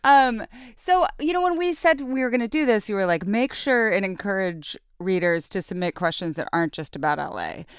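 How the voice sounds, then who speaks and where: A woman's voice: mid-range voice, expressive, brisk, clear, resonant tone, no room sound, clean studio sound. A woman hosting a podcast, asking questions in a curious, easygoing way and laughing readily. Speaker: podcast host. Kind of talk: casual podcast conversation.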